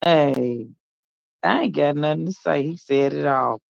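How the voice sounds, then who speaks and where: Man, call-in show host, gravelly voice, animated slangy banter, dry lo-fi sound. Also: on the high side, measured pace, no echo. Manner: animated, laughing, hyping callers with slang. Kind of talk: casual call-in show hosting. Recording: dull lo-fi audio.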